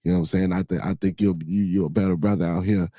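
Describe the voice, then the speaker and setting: A man with a Chicago accent hosts a casual livestream chat and rambles along with plenty of fillers. His voice sits low and mellow. The sound is dry and close, with no room around it. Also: steady tone, quick pace, no echo. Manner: loose and rambling, many fillers. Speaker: podcast host.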